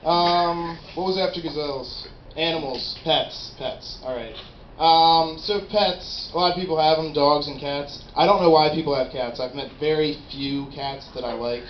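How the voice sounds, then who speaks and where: A young man doing a stand-up routine in a rambling, animated, profane way at a small live venue. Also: fairly high pitch, moderate pace. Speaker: stand-up comedian. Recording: roomy, dull, noisy live room.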